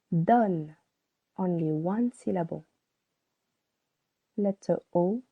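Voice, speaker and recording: Husky low-ish woman teacher, super slow and careful, spells stuff out, tinny phone-like audio. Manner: slow, deliberate, spells out letters and models each word twice. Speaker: French teacher. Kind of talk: beginner language lesson.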